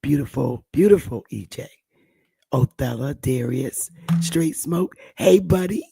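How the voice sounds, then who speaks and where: A woman hosting a casual livestream, hoarse while her voice recovers, talking softly and greeting viewers by name. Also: low-pitched, expressive, unhurried, no room sound. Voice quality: gravelly, husky. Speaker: livestream host.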